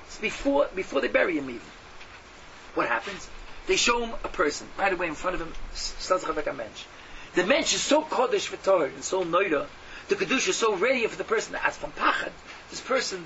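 A man giving a sermon to a class, mixing in Yiddish and Hebrew terms and swinging from hushed tones to loud exhortation. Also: high voice, vocal fry. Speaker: Torah teacher. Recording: dull lo-fi audio from a distance with faint hum.

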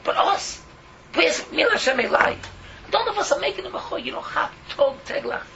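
Fiery preacher man, high and gravelly. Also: expressive, normal speed, pushed and bright, dull audio, a little hiss or hum. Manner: fiery, pleading, mixing Yiddish and Hebrew words into English. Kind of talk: impassioned sermon.

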